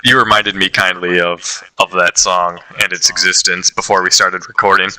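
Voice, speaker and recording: A young man with a low voice and a strikingly bright, forward tone talks casually with a friend. He rambles through his points and laughs often. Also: level tone, moderate pace, low-quality recording. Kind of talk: casual chat.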